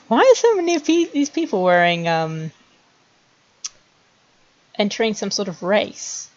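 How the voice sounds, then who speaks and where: A woman streamer chatting wryly to herself as she builds animated scenes, laughing at her own jokes. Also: medium pitch, a little slow, muffled recording. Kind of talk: casual commentary while making a 3D animation.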